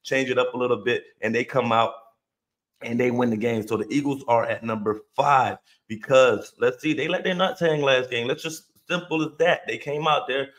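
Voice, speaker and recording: A man's voice: medium pitch, normal speed, fairly bright tone. A man hosting a sports podcast, giving emphatic, casual commentary, repeating phrases for punch and cursing freely. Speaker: podcast host.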